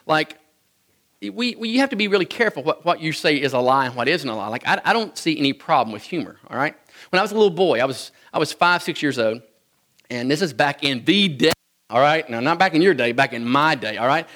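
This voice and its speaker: Speaking to an audience, this man from Kentucky spins humorous tales of growing up, full of folksy jokes and frequent chuckles. His pitch sits fairly high, his pace is fairly quick, and his lively delivery has a slightly bright edge.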